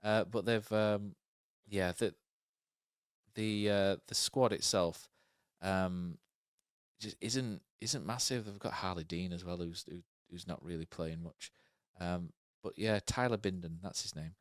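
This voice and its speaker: A man with a lowish, smooth voice talks football in a loose, rambling way, leaning on fillers and tag questions as he thinks aloud. The sound is dry and close. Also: unhurried, dry recording. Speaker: podcast co-host. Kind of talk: casual football chat.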